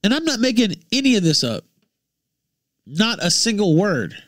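High-voiced ranting man, very animated. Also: normal speed, no room sound, studio quality. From Memphis. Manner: profane, angry, swings from high shouting to low mutters. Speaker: livestream host. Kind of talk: ranting livestream commentary.

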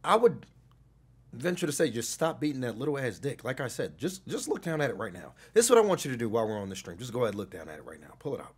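A husky, condescending middle-aged relationship consultant, as a man puts him on, mocking his caller with a voice that swoops from loud scorn to a hushed murmur. It is a comedic impression on a live stream. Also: mid-range voice, sing-song, fast. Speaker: stream host.

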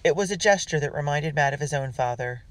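A male audiobook narrator with a voice on the high side reads a children's adventure story fairly quickly, with no echo. It's scripted narration delivered steadily, with small slips and restarts, and he voices the characters.

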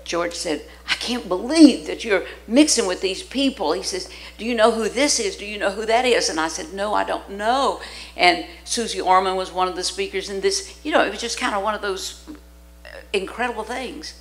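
An older woman serving as guest preacher delivers a sermon in a church sanctuary, her mid-range voice moving at a moderate pace on a rough recording. She tells stories with great energy, acting out the voices of the people she quotes and laughing often.

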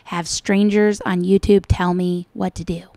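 A woman's voice: lowish voice, flat delivery, measured pace, very noisy. A woman hosting reaction commentary, mocking and scolding in a sarcastic way. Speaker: commentary channel host.

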